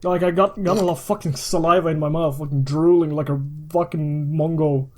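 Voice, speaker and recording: Male guest, higher register, crude joking delivery that builds absurd scenes. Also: steady tone, brisk, warm tone. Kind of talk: casual chat.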